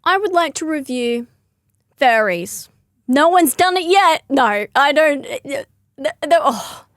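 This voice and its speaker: A woman's voice: high-pitched, expressive, slow pace, fairly bright tone, no echo, studio quality. A young woman comedian rambling through a casual comic monologue, giggling often and correcting herself mid-sentence.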